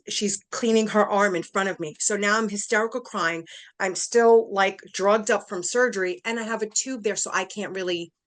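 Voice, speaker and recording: A middle-aged woman recounts her own hard story in an interview. She talks with deep feeling and slips into the voices of the people she quotes, at a pitch typical for a woman. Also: fairly bright tone. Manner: emotional, acts out quoted voices. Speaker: interview guest. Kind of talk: personal storytelling.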